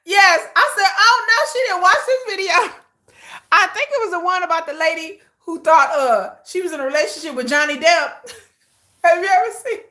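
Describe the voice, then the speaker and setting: A woman hosts a live stream in casual talk, her voice high and bright. She gossips straight to her viewers, animated and often breaking into laughter. She is recorded on a phone or camera set on a tripod. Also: moderate pace. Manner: animated, laughing, shrieks and squeals names at the screen.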